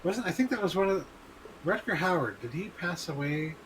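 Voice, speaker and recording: A man's voice: high voice, lively intonation, normal speed, a little hiss or hum, poor audio. A man joining a podcast chat, blunt and swearing casually.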